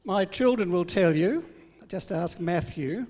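A man's voice: high voice, animated, a little slow, a little mellow, long reverb tail. An older man giving a sermon, telling family stories in a humorous, self-deprecating way. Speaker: preacher.

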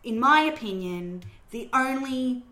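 Bright-voiced woman host, casual storytelling recap, roomy echo. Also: a little high, expressive, a little slow. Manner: chatty, storytelling recap with fillers. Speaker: podcast host recapping a film. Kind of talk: casual chat.

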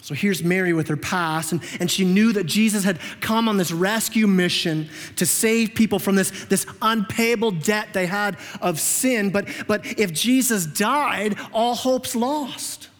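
High-voiced pastor preaching in a reverberant church. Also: male voice, a little slow, hardly any pauses. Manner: animated, conversational, repeats words as he restarts. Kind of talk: sermon. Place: church sanctuary.

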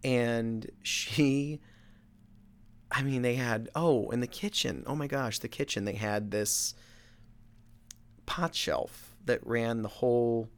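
A middle-aged man, a real estate agent, telling a story in a casual, animated, self-mocking way. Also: medium pitch, slow pace, long pauses. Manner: animated, self-mocking, with many fillers and restarts.

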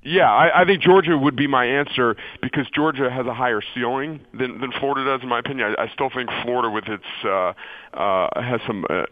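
A man analyzing college football as a radio guest, halting and restarting before settling on confident picks. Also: mid-range voice. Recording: dull, dry radio call-in audio.

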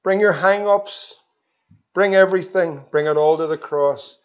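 A man preaching an evangelistic sermon, swinging between loud pleas and hushed tones. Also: sits high, unhurried. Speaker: pastor. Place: church. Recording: dull lo-fi sermon recording.

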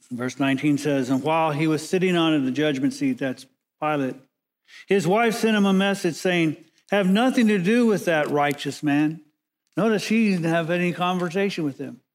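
A man preaching a sermon as pastor, measured and emphatic, slowing down and pausing to stress key words. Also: fairly high pitch.

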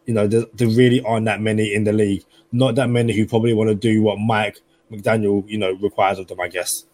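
A man's voice: fairly low pitch, flat delivery, fast, a little mellow, no echo. A man with a London accent, co-hosting a sports podcast and thinking aloud with lots of "you know" fillers. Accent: London English. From London, England. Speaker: podcast co-host. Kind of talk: casual sports podcast chat.

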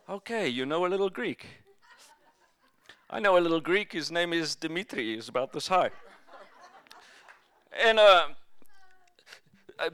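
Guy pastor preaching in church, high clear voice, tells stories and cracks jokes. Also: normal speed, no echo. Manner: jokey, lively storytelling preacher. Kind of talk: sermon.

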